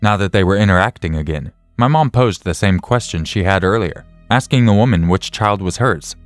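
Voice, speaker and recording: Deep-voiced man narrating a horror story. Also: moderate pace, no room sound, soft background music.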